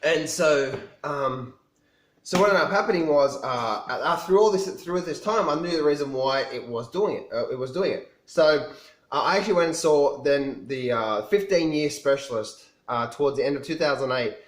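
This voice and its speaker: A man's voice: on the high side, animated, moderate pace. A man telling his own story to camera in a casual, rambling way, often restarting and repeating himself. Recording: echoey room.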